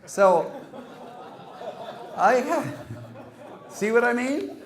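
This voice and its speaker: A man's voice: very high voice, lively intonation, very slow, a faint crowd. A man hosting an event and handing out humorous awards, teasing the recipients in a wry way and reading Latin quotes aloud. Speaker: host handing out joke awards. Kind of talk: humorous after-dinner award speech.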